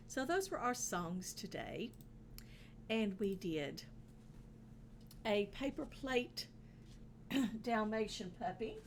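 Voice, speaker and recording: A woman hosting a children's stream, chatting casually as she recaps the day's songs and crafts, relaxed and quick to laugh. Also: mid-range voice, a little hiss or hum.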